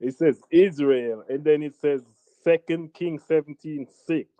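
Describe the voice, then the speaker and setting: A man's voice: on the high side, unhurried, mellow, no echo, dull audio. A man from Jamaica with a Jamaican accent, arguing insistently in a heated debate and talking over the other side. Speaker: debate participant.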